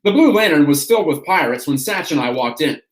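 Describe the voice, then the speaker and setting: A man hosting a stream, reading an autobiography aloud in a steady storytelling way. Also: fairly high pitch, brisk. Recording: roomy echo.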